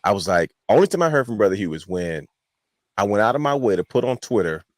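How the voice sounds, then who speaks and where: A man co-hosting a wrestling podcast, telling a long-winded story with animated quotes. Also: lowish voice, fast, slight background noise. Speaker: podcast co-host. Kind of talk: casual chat.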